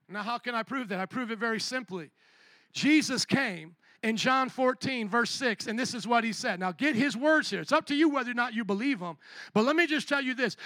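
High-voiced, bright preaching man. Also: no echo. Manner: animated preaching with call-and-response questions. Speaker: pastor. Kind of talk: sermon.

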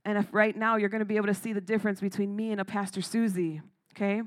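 Fast and mid-range with little pitch movement, a woman delivers an emphatic sermon. She calls out to the congregation with "Amen?" and "Come on," laughing between points.

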